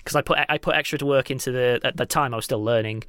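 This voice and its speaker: A man co-hosting a casual podcast Q&A, animated and teasing, quick to laugh. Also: medium pitch, clean tone, no echo, clean studio sound. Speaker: podcast co-host.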